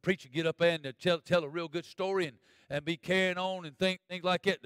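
A man preaching a sermon as pastor, folksy, swinging from loud preaching to quiet asides. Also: high voice, expressive, fast talker, dry recording. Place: church.

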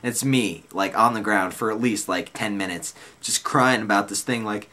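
A man's voice: on the low side, normal speed, hardly any pauses, pushed and bright. A man in his twenties casually telling a rambling personal story, loose and slangy with lots of "like" and "dude".

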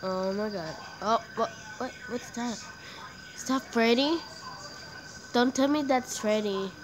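A woman giving let's play commentary on a horror game, panicking and shrieking, repeating herself, then muttering to calm herself down. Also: on the high side, slow pace, poor audio. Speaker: gamer playing a horror game.

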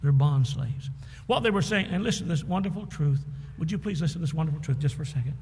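Husky-voiced preacher in a reverberant church. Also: male voice, a little high, lively intonation, quick pace, darkish tone. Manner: emphatic preaching with calls to the congregation. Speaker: pastor. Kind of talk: sermon. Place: church sanctuary.

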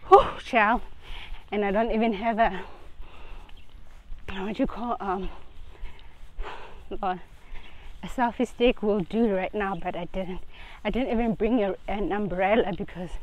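A woman's voice: fairly high pitch, poor audio. A woman talking casually in a rambling way while out of breath from walking outdoors, filming on her phone. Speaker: vlogger. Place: outdoors on a street. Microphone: phone held while walking.

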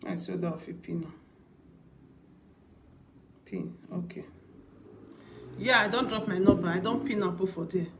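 A woman's voice: fairly low pitch, measured pace, pauses often, background noise. A woman vlogger with a Nigerian Pidgin accent, giving casual commentary on a video in an emphatic, repetitive way with rhetorical questions.

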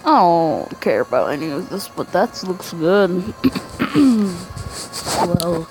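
A young male gamer talks slowly through a let's-play, his voice congested from being sick. He rambles in chatty asides to viewers at a desktop mic. Faint game music runs underneath. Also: sits high, big pitch swings, poor audio. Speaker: gaming channel host.

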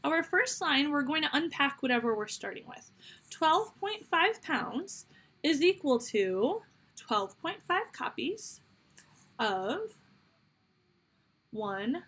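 A woman's voice: high voice, very animated, slow pace, long pauses, fairly bright tone. A woman teaching a fifth grade math lesson on video, upbeat and encouraging as she talks straight to her students. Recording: faint background noise. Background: toddler babbling nearby.

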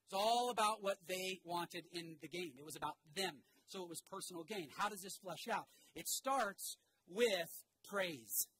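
A man's voice: high-pitched, moderate pace, a little hiss or hum, poor audio. A man preaching a sermon to his congregation, telling a story with energy and getting the crowd to repeat phrases back to him. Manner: animated storytelling with shouted asides. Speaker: pastor. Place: church sanctuary.

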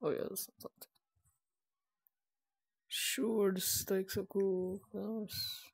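A woman's voice: medium pitch, little pitch movement, extremely slow, breathy edge. A woman streaming live gameplay, casual and profane, muttering to herself as she plays.

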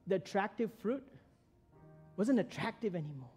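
A man's voice: high-pitched, normal speed, soft background music. A man preaching a church sermon, retelling a story dramatically with sudden swells and drops in volume. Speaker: pastor.

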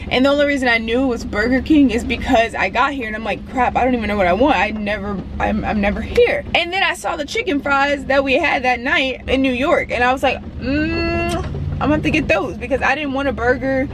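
A young woman chatting to her camera through her day, at home and then driving in her car, animated and talkative. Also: a little high, noisy background. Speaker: vlogger. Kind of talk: casual vlog chat. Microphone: handheld camera.

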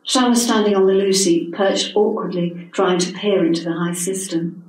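A woman, reading her own story at a literary event in a measured, expressive way. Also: mid-range voice. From England. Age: 70s. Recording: echoey hall from a distant mic.

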